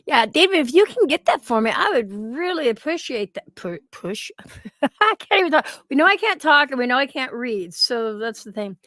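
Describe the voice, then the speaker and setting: A woman's voice: high-pitched, very animated, moderate pace, pushed and bright, no echo, studio quality. Chatty woman hosting a livestream. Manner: chatty, swears freely, reads chat aloud. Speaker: livestream host. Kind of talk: casual livestream chat.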